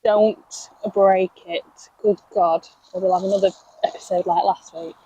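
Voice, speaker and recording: Mellow husky young woman talking to plants. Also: on the low side, steady tone, a little slow, rough recording. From England. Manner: chatty, talks to her plants, laughs at herself. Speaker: allotment vlogger. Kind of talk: casual chat while gardening. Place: outdoors at an allotment plot.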